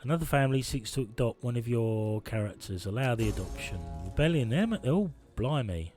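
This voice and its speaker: A man's voice: mid-range voice, expressive, fairly quick, a little mellow, soft background music. A man giving casual, jokey commentary while streaming a strategy game, talking to himself and his chat. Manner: chatty, jokey, talks to himself.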